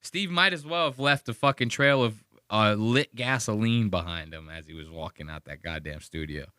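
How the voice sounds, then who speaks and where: A podcast host delivers a profane, mocking rant about a clip he is playing. His voice is bright and forceful. The sound is dry and close, with little room in it. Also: lowish voice, normal speed, no room sound. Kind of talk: casual commentary on a played clip.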